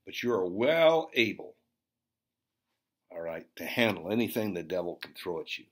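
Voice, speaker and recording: A man's voice: low voice, sing-song, normal speed, a bit bright. A man preaching and telling of a vision, with emphatic, fervent exhortation. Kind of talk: sermon testimony.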